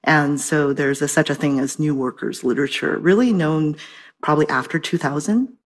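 A woman's voice: low-pitched, normal speed. A woman professor and translator speaking as an expert guest, articulate and explanatory, heard over a remote connection. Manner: articulate, lecturing. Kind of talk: expert interview.

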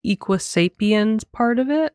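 Animated woman discussing films. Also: medium pitch, dry recording, clean studio sound. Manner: animated, laughs often, talks in quick bursts. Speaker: podcast co-host. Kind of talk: casual film discussion.

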